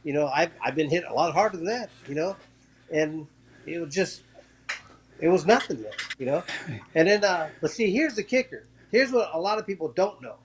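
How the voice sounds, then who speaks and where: A man with a high voice tells the story of one of his fights in a casual interview. He talks in quick bursts, tripping over restarts and repeats, and acts out the lines of the people in the story. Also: animated, slight background noise. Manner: acts out quoted voices while telling a story. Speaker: former professional boxer, interview guest.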